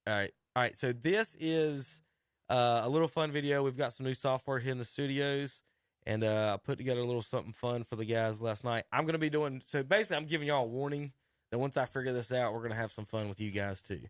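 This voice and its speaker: A middle-aged man, hosting sports talk radio and telling a rambling, animated coaching story with many restarts. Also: medium pitch, fast, dry recording, clean studio sound. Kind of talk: casual radio chat narrating a video clip. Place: radio studio.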